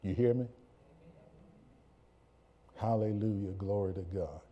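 A man preaching a sermon in a church, moving from low, slow passages to loud shouted bursts and often repeating words. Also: muffled recording. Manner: repeats words and stammers when excited. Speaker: pastor.

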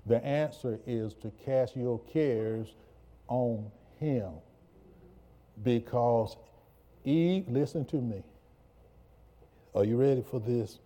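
Slow, mellow-voiced preacher man. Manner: preaching, swings from low and slow to loud shouted bursts; repeats words and stammers when excited. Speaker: pastor. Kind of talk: sermon. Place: church.

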